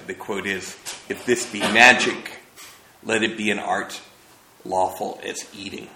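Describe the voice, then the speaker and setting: A man with a fairly low voice lecturing thoughtfully, pausing often on fillers as he works through his slides. The sound has the roomy echo of a lecture hall. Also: pushed and bright. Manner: thoughtful, hesitant, many uh fillers.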